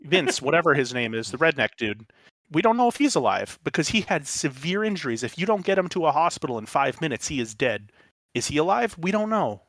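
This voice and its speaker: A man's voice: a little high, big pitch swings, quick pace, fairly bright tone, no echo, clean studio sound. A man co-hosting a casual movie podcast, complaining in a rambling, incredulous way. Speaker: podcast co-host.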